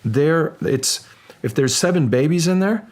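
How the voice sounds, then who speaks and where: A man speaking as a guest in an interview, halting and restarting, then animated when telling stories. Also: fairly high pitch. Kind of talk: casual interview talk.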